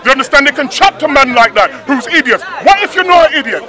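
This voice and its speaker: A man, speaking as a public speaker in a heated open-air street debate. He lectures, repeating phrases for emphasis, and shouts insults when the argument flares. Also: very high-pitched, animated, fast talker, low-quality recording. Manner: raises his voice and trades insults in heated arguments. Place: outdoors in a busy park, London. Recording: outdoor crowd chatter in a park.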